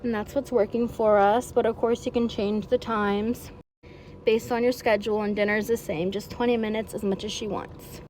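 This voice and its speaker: A woman's voice: steady tone, normal speed, a little mellow, a little hiss or hum, low-quality recording. A woman dog trainer giving friendly, explanatory tips to a puppy's new owners, with fillers and easy restarts. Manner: switches to a high, sing-song praise voice with the puppy. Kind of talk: instructional video for a puppy's owners.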